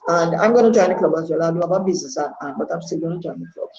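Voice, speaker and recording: A woman's voice: lowish voice, rapid-fire, background noise. Woman, 60s, Jamaican accent, earnest, repeats herself, dull lo-fi echoey recording. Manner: earnest, rambling, repeats words for emphasis. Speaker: party member. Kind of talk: candid testimony. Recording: echoey room, dull lo-fi sound.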